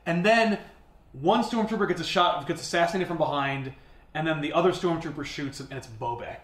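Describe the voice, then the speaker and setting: A man's voice: on the high side, fairly quick, a bit bright, echoey room. A man casually retelling a comic book story on a podcast, acting out the characters' lines.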